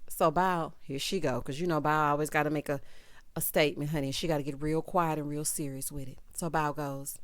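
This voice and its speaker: A woman giving a sassy, gossipy recap of a reality show, calling people "honey" and "child" and breaking into loud laughter. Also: sits low, fairly quick, no room sound. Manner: animated, bursts into loud laughter.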